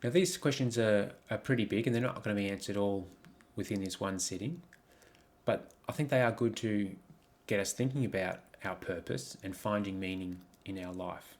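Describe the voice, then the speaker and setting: A life coach with a fairly low, slightly mellow voice presents over slides, speaking reflectively. He asks the listener question after question and pauses on frequent ums and restarts.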